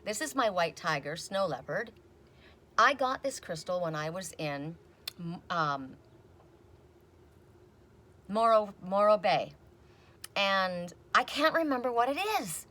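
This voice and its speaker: A middle-aged woman reading oracle cards in a casual, rambling chat, telling stories and quoting people in animated voices. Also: on the low side, unhurried. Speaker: oracle card reader. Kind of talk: casual chatty video reading.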